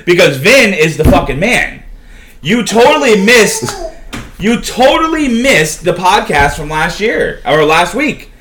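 Teasing, lively comedy podcast host. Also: male voice, high-pitched, unhurried, a little hiss or hum. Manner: teasing, interrupting, profane. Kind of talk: crude comedy podcast banter.

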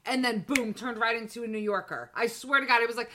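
Casting: woman podcast co-host, fairly high and bright, giggly, jumps in often. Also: fairly even intonation. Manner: giggly, quick to chime in. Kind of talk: casual podcast banter.

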